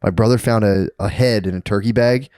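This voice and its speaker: Fast-talking laid-back male podcast host. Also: fairly low pitch, steady tone, mellow, clean tone, dry recording, studio quality. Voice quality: laughs often, swears freely. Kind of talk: casual chat.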